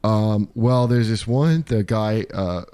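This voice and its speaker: Man with a mellow, dark voice. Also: lowish voice, slow, smooth. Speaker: podcast co-host. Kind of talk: casual comedic chat.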